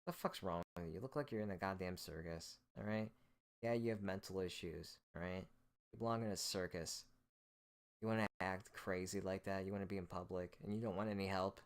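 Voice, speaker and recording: Deep-voiced man in a profane, hostile rant. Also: a little fast, smooth. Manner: hostile, profane, scornful ranting. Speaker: host. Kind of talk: solo rant monologue.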